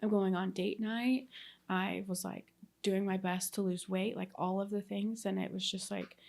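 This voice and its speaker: A woman's voice: medium pitch, fairly even intonation, moderate pace, gravelly, a little mellow. A woman in her thirties from Texas, a nurse telling her story as a guest in a casual interview, talking in a chatty way with many fillers. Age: 30s.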